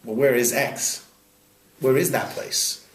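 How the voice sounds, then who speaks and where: A man, a rabbi, teaching a Talmud class in a study hall, firing questions at his students in a lively way. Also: medium pitch, takes it slowly. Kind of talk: interactive Talmud lesson.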